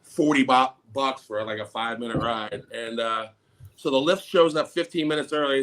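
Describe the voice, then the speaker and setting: A middle-aged man with a bright, forceful voice tells a story in casual conversation. His pitch sits in the middle for a man. When he quotes people he jumps up high and loud, almost shouting. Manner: animated, acts out quotes in a raised, shouting voice. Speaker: podcast co-host.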